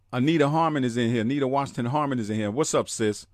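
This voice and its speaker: A man's voice: mid-range voice, very fast, no echo, clean studio sound. A man hosting a live podcast, talking emphatically and greeting listeners in the chat by name. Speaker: podcast host.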